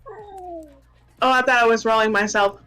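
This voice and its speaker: Woman, player, slow speech, fairly high voice, stammering, upbeat. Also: very animated, pushed and bright, faint music behind, poor audio. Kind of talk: tabletop play.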